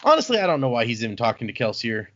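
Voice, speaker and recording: A man's voice: mid-range voice, racing, a little hiss or hum. A man casually recaps a book chapter on a podcast and keeps slipping into playful voices for the characters. The audio is a bit dull and lo-fi, like a home recording. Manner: animated, acts out characters' lines. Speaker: podcast host.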